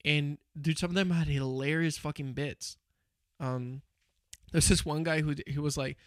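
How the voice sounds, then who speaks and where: Young man, casual chat, rambling, many fillers, slightly high pitch, dry sound. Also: fairly even intonation, normal speed, no echo.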